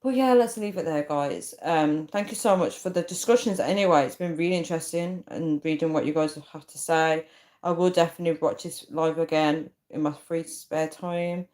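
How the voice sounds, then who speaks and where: A woman's voice: sits low, normal speed, darkish tone. A woman chatting casually on a livestream, reading out viewer comments and often restarting her sentences. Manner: chatty, trails off and restarts, reads comments aloud. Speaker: YouTube live streamer. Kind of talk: casual live-stream chat reading comments.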